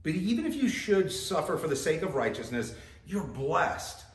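A man's voice: fairly high pitch, very animated, moderate pace, roomy sound. A man preaching a sermon as pastor, talking conversationally and putting direct questions to his listeners.

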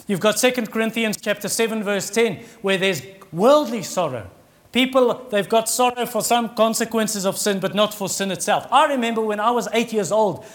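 A man's voice: high voice, fairly bright tone. A middle-aged man preaching a sermon in an earnest, conversational way that rises in emphasis.

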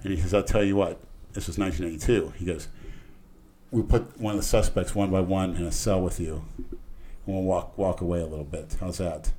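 Speaking low and steady at a fairly quick clip, this middle-aged man from Florida rambles through stories in a casual podcast chat, loudly impersonating the police officers in them. There's slight background noise.

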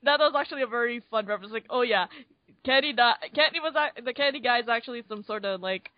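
Woman, fairly high voice, casual movie chat, stumbling restarts, dry dull audio. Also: fast, no echo. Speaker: podcast co-host.

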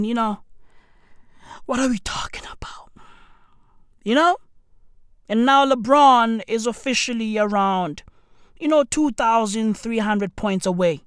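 Animated, slangy woman giving commentary. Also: medium pitch, dry recording, studio quality. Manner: animated, slangy, profane, rhetorical. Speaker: commentary host. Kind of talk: casual news commentary.

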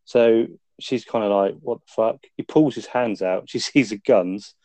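A man's voice: fairly low pitch, unhurried, warm tone, dry recording. A man co-hosting a film review podcast, retelling the plot in a laid-back, sweary way. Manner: laid-back storytelling with frequent swearing and laughs. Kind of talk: casual chat.

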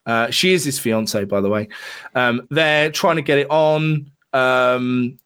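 A man's voice: mid-range voice, slow pace, a bit bright, smooth. A man co-hosting a casual film podcast, swearing freely and acting out scenes in silly voices. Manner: sweary, jokey, acts out bits in silly voices. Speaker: podcast co-host. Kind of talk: casual film review chat.

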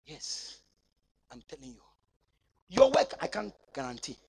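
A man preaching a sermon in church, swinging between shouting and near-whispering. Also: a little high, sing-song, a little slow, gravelly, background noise. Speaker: pastor.

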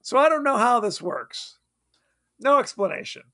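High-voiced man recapping a film. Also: very animated, bright, forceful tone. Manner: rambling, laughing recap with quick asides. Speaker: podcast co-host. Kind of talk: casual movie-recap chat.

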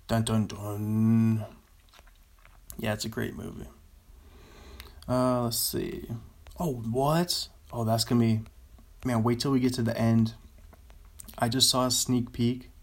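Young man, slow casual chat, rambling, chuckling asides, reading movie listings. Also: medium pitch. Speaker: solo video host.

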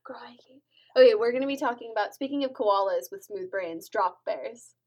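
A woman co-hosting a podcast in casual chat, loud and laughing often. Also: a little high, a little fast. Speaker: podcast co-host.

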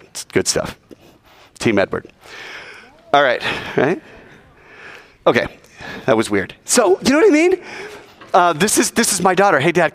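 A man's voice: medium pitch, a bit bright. A man giving a joking sermon to students and acting out quoted voices as he goes. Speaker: youth speaker.

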